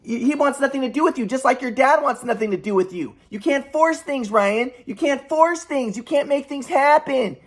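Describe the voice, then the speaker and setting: A man's voice: extremely high pitch, animated, normal speed, hardly any pauses, voice pushed up, full character voice. A man doing a stern, dismissive mother.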